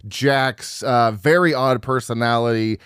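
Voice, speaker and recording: A man talking through a horror film with his co-host in loose, profane chat. He is animated and laughs often, and his voice sits in a middle register. The sound is dry and close, with no room around it. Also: medium pitch, a little slow, clear, resonant tone, dry recording. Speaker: podcast co-host. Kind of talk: casual movie review chat.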